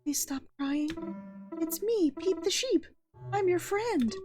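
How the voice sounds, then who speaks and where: A woman voicing a gentle, loyal ghost sheep in a high, cooing, earnest voice as she reads game dialogue aloud. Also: expressive, takes it slowly, heavily acted. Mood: tender. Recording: game music underneath.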